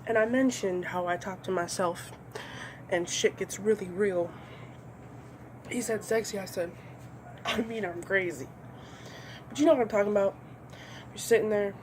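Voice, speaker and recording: A woman's voice: medium pitch, a little mellow, slight background noise. Profane ranting woman doing comedy. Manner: profane, ranting, acts out voices. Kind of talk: comedic monologue.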